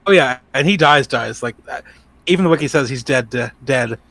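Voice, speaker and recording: A man's voice: mid-range voice, lively intonation, brisk, gravelly, fairly bright tone, dry recording. Blunt, swearing male podcast co-host, dry sound. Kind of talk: casual chat.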